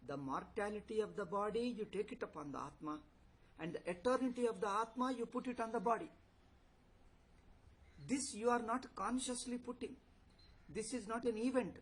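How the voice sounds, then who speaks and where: High-voiced man lecturing. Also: normal speed, pauses often, slightly rough, rough recording. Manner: rhetorical questions, repetition, chuckles. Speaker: swami teaching a scripture class. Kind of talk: philosophy lecture.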